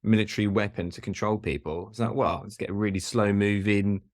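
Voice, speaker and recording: A man's voice: on the low side, steady tone, a little fast, dry recording, studio quality. A man co-hosting a casual film podcast, easygoing, often agreeing and chuckling. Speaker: podcast co-host.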